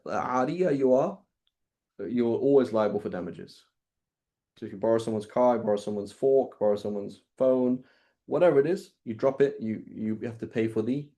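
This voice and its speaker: A man's voice: medium pitch, dark tone. A man teaching Islamic law in a casual lecture, talking conversationally and acting out little dialogues to make his points. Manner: conversational, illustrates points with quoted dialogue and rhetorical "right?".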